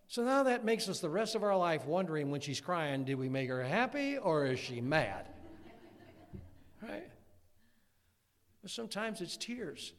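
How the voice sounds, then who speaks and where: A man's voice: sits high, unhurried, long pauses. Folksy preacher man in a reverberant church. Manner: folksy, animated preaching with acted quotes. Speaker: pastor. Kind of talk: sermon. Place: church sanctuary.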